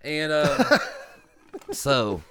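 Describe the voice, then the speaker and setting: A man's voice: fairly high pitch, wildly swooping pitch, very slow, bright, forceful tone, clear, resonant tone, no echo. Rambling man telling a story. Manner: rambling, fillers and restarts. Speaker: podcast co-host. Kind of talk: casual storytelling.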